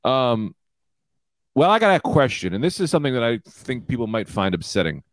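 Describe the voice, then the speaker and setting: A man co-hosting a casual comedy podcast, launching into loud, absurd rants. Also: mid-range voice, big pitch swings, fairly quick, no echo. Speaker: podcast co-host.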